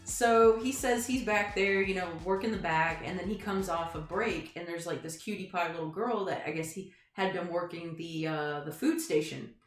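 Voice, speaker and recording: A woman's voice: on the low side, normal speed, few pauses. A woman streamer telling a long rambling story in casual chat, full of fillers and asides. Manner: chatty, rambling, lots of fillers. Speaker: streamer host. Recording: echoey room with music. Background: faint music.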